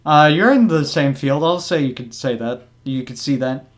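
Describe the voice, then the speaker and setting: A man narrating as game master of a tabletop game, halting and full of restarts. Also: medium pitch. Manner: halting, many fillers and restarts.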